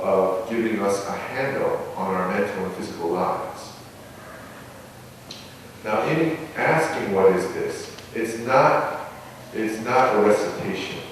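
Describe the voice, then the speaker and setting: Male monk, dharma talk, calm and measured with pauses; distant mic, heavy hall echo. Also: fairly low pitch, a little hiss or hum. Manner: measured, pausing, reflective. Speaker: Buddhist monk teaching meditation. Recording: echoey hall, mic far off.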